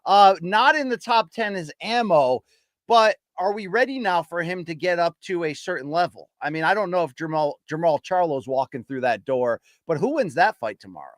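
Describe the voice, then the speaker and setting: A man hosting a casual podcast, giving opinionated takes and running quickly through names and rankings. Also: a little high, animated, no echo. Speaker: podcast host. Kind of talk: casual boxing podcast chat.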